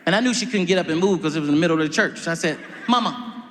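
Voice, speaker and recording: A man from Georgia who tells animated stories as a comedian guest, jumping into high voices when he quotes people. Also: rapid-fire, in a large hall, a little hiss or hum. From Georgia, United States. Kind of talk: storytelling in an interview.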